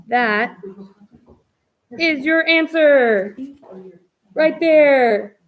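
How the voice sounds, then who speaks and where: A woman's voice: high-pitched, extremely slow, narrow, tinny audio. A woman math teacher running a live online review, talking through each step in a chatty way. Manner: chatty, walks through steps aloud.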